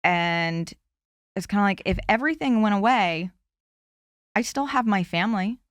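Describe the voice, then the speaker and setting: A woman in her forties, a candidate speaking earnestly and heartfelt in a podcast interview, often pausing with "you know". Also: medium pitch, expressive, a bit bright, no echo. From Florida. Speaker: congressional candidate guest.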